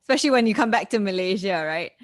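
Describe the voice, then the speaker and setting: A woman's voice: medium pitch, lively intonation, fast talker, over a noisy crowd. A woman hosting a breakfast radio show, asking a guest direct, curious follow-up questions. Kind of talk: casual radio interview.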